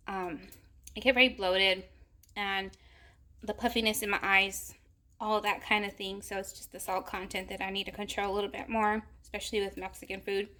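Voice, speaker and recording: A young woman hosting a home cooking vlog, talking casually to her viewers with lots of fillers as she cooks in her kitchen. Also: medium pitch. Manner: chatty, warm address to viewers with frequent fillers. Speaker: cooking vlogger.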